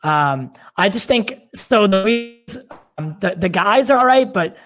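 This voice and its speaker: A man talking casually in halting phrases full of fillers. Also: sits high, animated, a bit bright. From Boston area, Massachusetts. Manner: halting, hesitant, many fillers. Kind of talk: casual chat.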